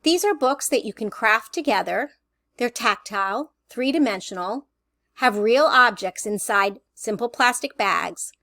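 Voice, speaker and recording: A woman presenter giving a clear, deliberate teacherly voice-over narration about early reading. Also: on the high side, animated, sharp tone. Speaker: assistive technology presenter.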